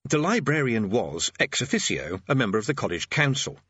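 A man narrating a story in a dry, wry manner, with a bright and lively voice. His tone carries a husky grain, and the recording is dry and slightly dull. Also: mid-range voice, a little fast, dry recording. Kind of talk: audiobook narration.

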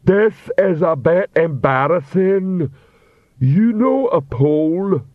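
A big, dim troll guard plods through every word with cheerful earnestness, as a male reader puts him on. The voice sits noticeably higher than the reader's own and comes out loud and slow. It is a dull, dry audiobook recording. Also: animated, dry recording. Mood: plodding cheerful.

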